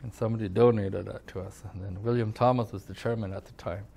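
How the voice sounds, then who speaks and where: A man's voice: fairly low pitch, steady tone, fast, vocal fry, darkish tone, husky. An older man from California, a tribal elder, telling his life story in a rambling oral-history interview, often saying "you know". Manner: rambling, leans on "you know", acts out quoted voices.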